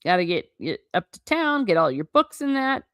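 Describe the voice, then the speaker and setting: A woman reading the lines of a huge, gruff but kindly male groundskeeper in her own plain voice, without trying his accent. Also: lowish voice, big pitch swings, moderate pace, fairly bright tone, no echo, clean studio sound. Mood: brisk. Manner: plain read-aloud, no accent attempted.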